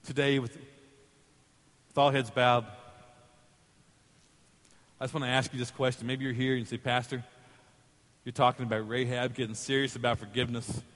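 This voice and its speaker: A male pastor preaching a sermon in a church, telling a story in an animated way and acting out its voices. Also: medium pitch, moderate pace, pauses often, big-room sound. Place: church sanctuary.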